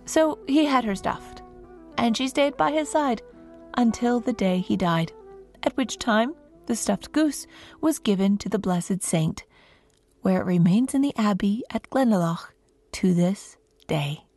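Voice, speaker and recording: A woman guest storyteller telling a folk tale to children in an expressive, lilting way, close to the mic. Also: fairly high pitch, unhurried, faint music behind.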